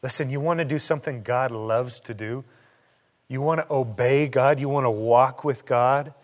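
A man's voice: mid-range voice, normal speed. A man preaching a sermon, emphatic, repeating short phrases for stress and putting rhetorical questions to his congregation. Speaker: pastor.

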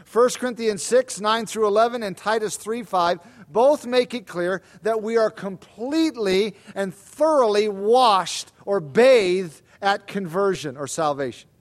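A man preaching a Bible sermon with a notably high voice. He reads scripture aloud and explains it, slowing down and leaning into quoted words for emphasis. His delivery is earnest and deliberate. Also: lively intonation. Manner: expository preaching, dramatic pauses and emphatic quoted lines.

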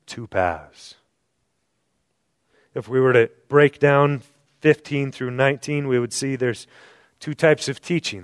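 A man preaching a sermon at a night church service, asking the room rhetorical questions and swinging from loud emphasis down to hushed low tones. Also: no echo, studio quality. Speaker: pastor.

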